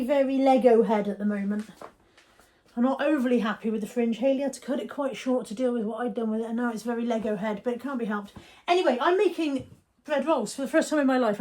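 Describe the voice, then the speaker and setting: An English vlogger chats casually to camera in her home kitchen, poking fun at herself and often sinking to a near whisper. Her voice is on the high side with a dark tone, in the manner of a relaxed daily vlog.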